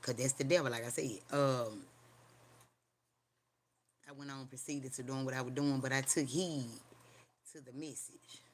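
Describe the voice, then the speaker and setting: At normal speed but with frequent pauses, a medium-pitched, fairly even voice speaks over slight background noise. It's a casual home livestream where the host rambles profanely in slang, mixing a spooky personal tale with street preaching and asking "you hear me?"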